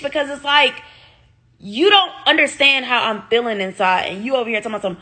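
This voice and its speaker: A woman's voice: a little high, expressive, normal speed, pushed and bright. Woman telling a storytime to her viewers. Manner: emphatic, swears freely, talks straight to viewers. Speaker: vlogger. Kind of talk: casual storytime to camera.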